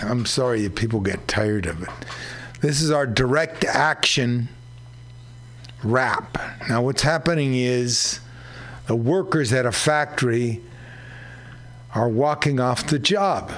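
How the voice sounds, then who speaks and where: Brief: male radio host, mid pitch, slow unhurried talk. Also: a bit bright. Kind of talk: community radio commentary.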